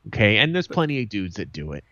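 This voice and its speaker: Male podcast host, low and lively voice, swears freely, blunt storyteller, muffled dry mic. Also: fast, no room sound. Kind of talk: casual chat.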